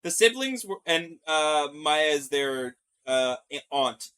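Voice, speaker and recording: A man's voice: fairly high pitch, animated, slow, hardly any pauses, a bit bright, clean tone. A man streaming live, reading captions aloud from a video and stopping to comment on them. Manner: reads on-screen text aloud, then comments. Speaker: streamer reacting to a video series. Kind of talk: live reaction with read-alouds. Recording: music playing behind the voice.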